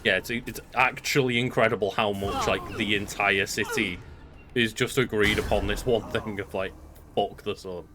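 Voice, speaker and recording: A man's voice: on the low side, normal speed. A young man from Merseyside, co-hosting a game stream and chatting in a laid-back, sweary way. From Merseyside, England. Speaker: stream co-host. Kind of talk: casual chat over gameplay. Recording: steady background noise.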